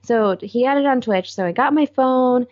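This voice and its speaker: A woman co-hosting and producing a podcast, chatting in a rambling, excitable way and acting out what people said. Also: sits high, normal speed, muffled recording. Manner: rambling, excitable storyteller who acts out quotes. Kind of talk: casual chat.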